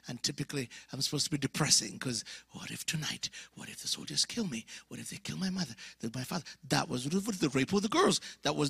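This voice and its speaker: A middle-aged man preaching his testimony as a guest speaker, telling the story with animated acted dialogue and voicing other people in a high pitch. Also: gravelly, slightly rough, no room sound, studio quality.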